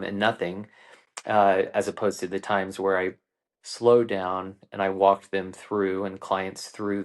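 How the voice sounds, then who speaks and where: A man in his forties, a coach and podcast guest, telling a personal story in an earnest, unhurried way with frequent ums and restarts. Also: deep voice. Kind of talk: reflective conversational storytelling.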